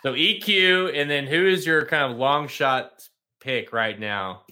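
A man's voice: a little high, unhurried, bright, forceful tone. A man hosting a horse racing podcast, talking loosely in a casual chat with many fillers and restarts. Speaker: podcast host.

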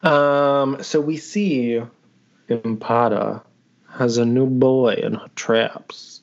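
On a podcast recorded over a video call, a male co-host recaps an episode in a loose, profane, joking way, acting out the characters' lines. His voice is medium-pitched, steady, slow and gravelly, and the lo-fi audio sounds dull.

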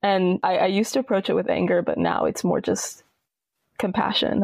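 A young woman talking casually and passionately as a podcast guest, with emphatic, expressive delivery. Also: lowish voice, moderate pace, gravelly, no room sound. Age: young adult. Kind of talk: casual conversation.

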